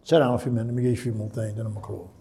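A man preaching a sermon in church, repeating phrases and building to shouted call-and-response. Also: fairly low pitch, fairly even intonation, very fast, gravelly, slight background noise.

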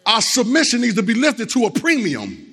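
A man's voice: very high-pitched, wildly swooping pitch, normal speed, creaky, a bit bright, breathy edge. A man preaching a Sunday sermon, emphatic and repetitive, calling out to the congregation. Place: church. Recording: long church hall reverb.

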